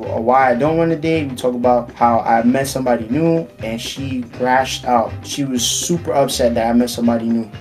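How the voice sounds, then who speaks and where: Man telling a story over soft music. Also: mid-range voice. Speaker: interviewee. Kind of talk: casual storytelling.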